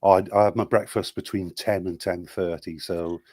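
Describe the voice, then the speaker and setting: A man's voice: deep voice, fairly even intonation, moderate pace, mellow, no room sound, studio quality. A man in his fifties, English-born and raised in South Wales, chatting as a guest on a video call and rambling. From England. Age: 50s. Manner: chatty, rambling, trying out accents. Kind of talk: casual chat.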